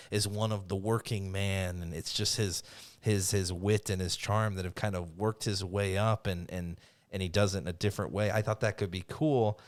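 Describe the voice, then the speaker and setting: A man co-hosting a podcast, rambling enthusiastically through his retellings in casual chat. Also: deep voice. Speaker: podcast co-host.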